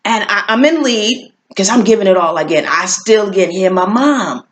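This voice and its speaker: A woman's voice: mid-range voice, moderate pace, noisy background. A woman telling a personal story as a motivational speaker, earnest and encouraging, acting out voices along the way. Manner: animated, acts out voices in her story.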